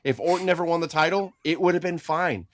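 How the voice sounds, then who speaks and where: A man's voice: fairly high pitch, quick pace, no room sound, clean studio sound. A man hosting a podcast, talking in a rambling, opinionated way with plenty of swearing. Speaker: podcast host. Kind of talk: casual podcast chat.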